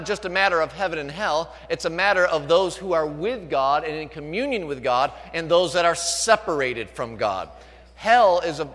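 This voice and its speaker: A man's voice: fairly high pitch, fairly bright tone. A male pastor preaching a sermon, asking the congregation for responses as he teaches. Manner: preaching with call-outs to the congregation. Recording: long reverb of a large hall.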